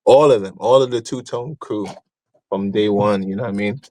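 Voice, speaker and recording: A man's voice: lowish voice, moderate pace, warm tone. A man co-hosting a podcast, laid back and easygoing in casual chat. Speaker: podcast co-host.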